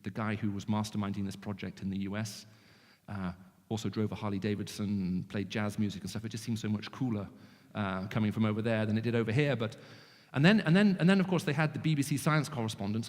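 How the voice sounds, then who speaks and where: Man, British English accent, fairly low voice, animated evangelistic talk, jokey asides, long hall reverb. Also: quick pace. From Middle East. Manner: animated, jokey, frequent restarts. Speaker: guest speaker.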